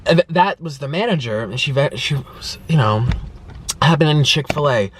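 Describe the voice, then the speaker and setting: Animated young man, lively chatty voice. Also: fairly high pitch, normal speed, breathy edge. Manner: animated storytelling with acted-out quotes. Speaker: food vlogger. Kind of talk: casual chat to camera. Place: in a car.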